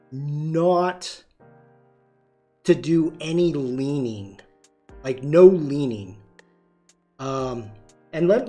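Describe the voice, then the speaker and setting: A man's voice: fairly high pitch, darkish tone. A man hosting a live-streamed photography tutorial, chatty and demonstrative, greeting viewers and answering chat as he shows poses.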